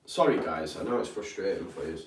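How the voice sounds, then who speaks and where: A man's voice: low voice, lively intonation, brisk, recorded from a distance, a little hiss or hum. A young man hosts a live football watch-along, chatting casually, reading viewer comments, and sounding tired. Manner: chatty, reads out viewer comments, frequent ums and apologies. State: tired, yawning. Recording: roomy echo, speaker off-mic.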